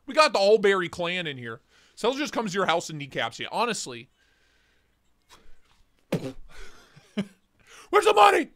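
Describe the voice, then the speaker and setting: A lively, high-voiced man hosting a casual stream. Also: moderate pace, pauses often, a little hiss or hum. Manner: joking, rambling, greeting viewers by name. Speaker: livestream host. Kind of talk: casual morning livestream chat.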